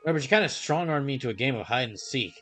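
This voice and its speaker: A man reading game dialogue aloud as an easygoing young man, relaxed, slangy and rambling. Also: medium pitch, racing, soft background music. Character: laid-back young man, easygoing ex-gang member.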